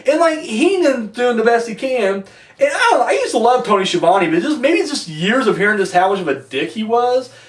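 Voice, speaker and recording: Man reviewer, loose and profane, lively high voice, recorded far off in an echoey room. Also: brisk. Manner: rambling, profane, lots of fillers. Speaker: wrestling reviewer. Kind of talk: casual rambling review. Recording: echoey room, mic at a distance.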